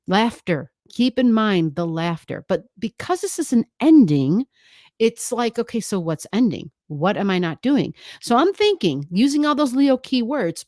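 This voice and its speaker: A woman's voice: medium pitch, darkish tone, no echo, studio quality. A woman astrologer giving a chatty, emphatic forecast, often adding "right?" as she goes.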